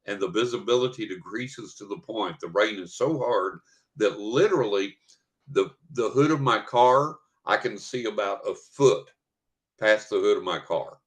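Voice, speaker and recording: Older texas guy, lowish voice, telling a wild story on a podcast, acts out what everyone said. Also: moderate pace. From West Texas. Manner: animated storyteller who acts out what people said. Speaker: podcast guest, psychic. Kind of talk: vivid personal storytelling.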